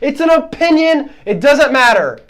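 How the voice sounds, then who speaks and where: A man hosting a solo podcast, ranting in a heated, exasperated way, his voice swinging between loud outbursts and quieter asides. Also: very high voice, sing-song, normal speed. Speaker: podcast host.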